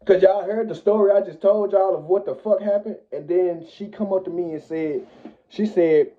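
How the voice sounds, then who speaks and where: A young man telling a personal story in casual, profane slang that jumps loud and high as he retells it. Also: moderate pace. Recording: tinny phone-like audio.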